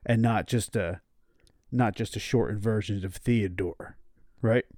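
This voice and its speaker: A man's voice: on the low side, unhurried, dark tone, dry recording, clean studio sound. A man hosting a casual podcast, loose and joking, laughing often. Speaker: podcast host.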